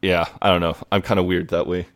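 A man's voice: sits low, flat delivery, quick pace. A man co-hosting a podcast, recapping an episode in casual chat, rambling with lots of fillers. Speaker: podcast co-host.

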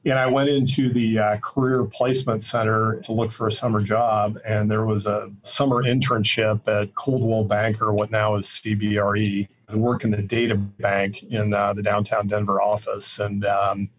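An older man from the Midwest, a real estate executive answering podcast interview questions in a measured, plainspoken way with frequent fillers. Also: on the low side, level tone, a little hiss or hum, low-quality recording. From Midwest US, Iowa.

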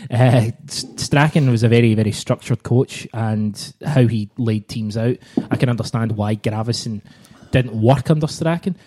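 A man hosting a podcast, chatting in a relaxed, joking way. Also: medium pitch, moderate pace, hardly any pauses. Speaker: podcast host. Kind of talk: casual podcast chat.

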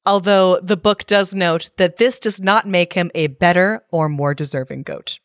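A woman's voice: fairly low pitch, normal speed, no room sound, studio quality. A woman co-hosting a casual chat, reading a storybook parody aloud with wry amusement and frequent laughter. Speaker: podcast co-host reading a story.

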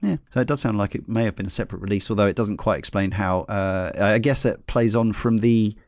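Relaxed man with a dry voice. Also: fairly low pitch, a little fast, dry recording. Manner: relaxed, hesitant, many fillers. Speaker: podcast host. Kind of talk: casual podcast chat about retro games.

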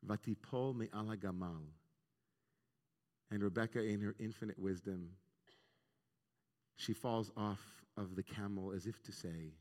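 A man's voice: fairly low pitch, steady tone, a little slow, long pauses, a little mellow. A man, a rabbi, giving an earnest, reflective sermon on the weekly Torah portion and weaving in Hebrew terms. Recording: long reverb of a large hall.

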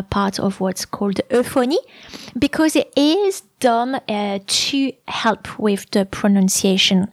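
A woman explaining grammar on her podcast, talking thoughtfully with many pauses and restarts. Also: mid-range voice, no room sound, clean studio sound. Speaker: French language podcast host.

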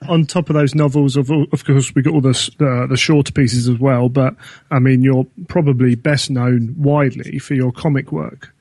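A man's voice: mid-range voice, steady tone, moderate pace, darkish tone, dry recording. Male co-host, good-humoured, hesitant, interview questions, dry close mic. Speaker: podcast co-host. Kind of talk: casual podcast interview.

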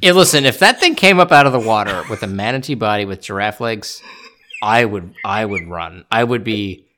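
A man's voice: lowish voice, expressive, normal speed, pushed and bright. A man guesting on a podcast, chatting casually and animatedly, often breaking into laughter.

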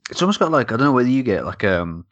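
A man's voice: medium pitch, big pitch swings, very fast, dry recording, highs cut off. A young man hosting a casual podcast, rambling and joking with lots of fillers. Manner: rambling, jokey, many fillers. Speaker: beer podcast host. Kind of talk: casual chat.

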